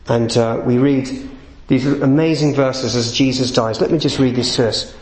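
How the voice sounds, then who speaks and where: A man's voice: mid-range voice, animated, moderate pace, darkish tone, echoey room, rough recording. A man preaching a sermon, earnest and building to emphatic peaks.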